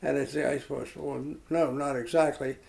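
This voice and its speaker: Gravelly older man telling stories. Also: mid-range voice, steady tone, darkish tone, low-quality recording. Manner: rambling, halting with fillers and restarts. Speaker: interviewee. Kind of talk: reflective storytelling.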